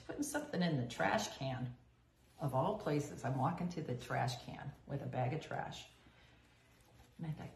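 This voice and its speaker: A woman's voice: deep voice, echoey room, slight background noise. A middle-aged woman candidly telling her own recovery story and acting out the people she quotes. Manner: candid, animated, quoting others in dialogue. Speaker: recovery vlogger. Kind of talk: personal storytelling monologue.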